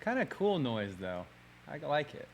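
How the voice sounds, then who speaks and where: A man's voice: on the high side, big pitch swings, measured pace, creaky, slight background noise. A man streaming a live music jam, chatting casually with his viewers and muttering to himself as he fiddles with cables and keyboards in a home studio. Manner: rambling, muttering to himself while fiddling with gear; chats with viewers, self-deprecating. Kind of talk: casual livestream chat.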